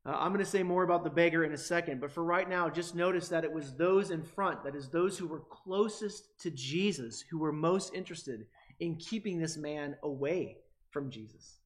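A pastor in his forties delivers a sermon with a fairly high-pitched voice. He leans hard on key words and often restarts his phrases as he builds his point. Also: moderate pace, few pauses. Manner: emphatic, rising loud on key words, many restarts.

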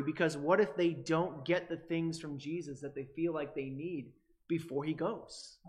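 A pastor in his forties delivers a sermon with a fairly high-pitched voice. He leans hard on key words and often restarts his phrases as he builds his point. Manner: emphatic, rising loud on key words, many restarts.

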